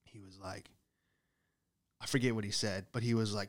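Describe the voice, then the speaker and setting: A young man telling rambling, profane comic stories in a solo monologue, with animated asides. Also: on the low side, normal speed. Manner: profane, animated storytelling with loud acted outbursts.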